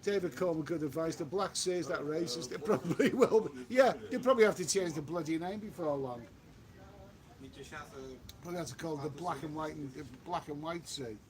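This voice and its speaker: A man's voice: fairly high pitch, a little fast, a crowd in the background. A man chatting casually on a live stream while out walking, reading viewer comments aloud and repeating himself. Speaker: travel vlogger reading live chat. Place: outdoors on a walk.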